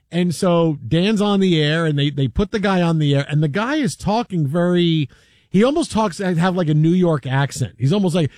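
A male sports talk host telling a story in casual chat, animated and acting out the voices. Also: fairly high pitch, brisk, dry recording, studio quality. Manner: animated, acts out voices, chuckles.

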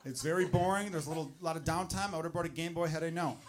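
A man with a fairly high voice works the crowd from a club stage, animated and exasperated. The live recording carries clear background noise. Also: rapid-fire. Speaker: stand-up comedian. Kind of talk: stand-up routine.

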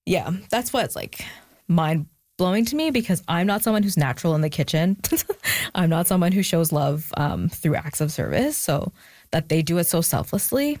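A woman's voice: lowish voice, animated, normal speed, darkish tone, no room sound. A young adult woman, an author being interviewed, talking reflectively with frequent fillers and restarts. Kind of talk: candid conversational interview.

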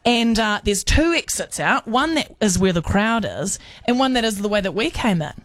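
Woman, radio co-host, animated storyteller, casual studio chat, mid pitch, dry close sound. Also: normal speed, no echo. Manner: animated, chatty storyteller with British slang.

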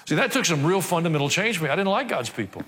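Pastor preaching in a reverberant hall. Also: male voice, a little high, very animated, racing, a bit bright, husky. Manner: wry asides, acting out quoted voices. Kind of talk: sermon. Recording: long reverb of a large hall.

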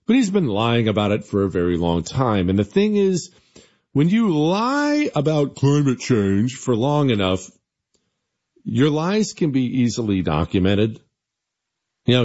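A man's voice: medium pitch, a little mellow, highs cut off. A man hosting a talk radio show, delivering an opinionated, sarcastic monologue. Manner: sarcastic, mocking.

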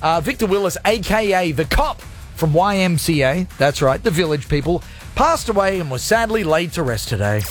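Lively high-voiced radio host man. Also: moderate pace, soft background music. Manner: playful, jokey, rambling. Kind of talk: energetic radio show chat. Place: radio studio.

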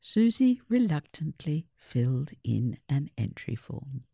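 A woman reading a children's story aloud in a measured, expressive way. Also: deep voice, creaky, breathy edge, no room sound. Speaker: reader. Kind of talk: storybook narration.

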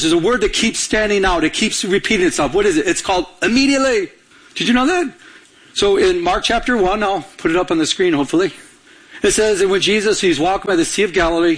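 Man, pastor, preaching, higher voice, husky, repetitive, urgent. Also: fairly bright tone. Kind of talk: sermon.

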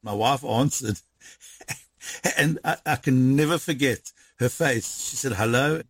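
Husky man telling a story. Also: medium pitch, no echo. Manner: animated, re-enacts dialogue in quick bursts. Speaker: interviewee recounting events. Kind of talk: conversational storytelling.

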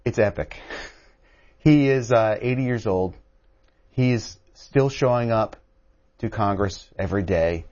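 A man who wrote a book, telling a story as a guest on a call-in radio show. He talks in an animated way and keeps restarting his sentences. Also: fairly low pitch, measured pace, pauses often, dull audio. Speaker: author guest.

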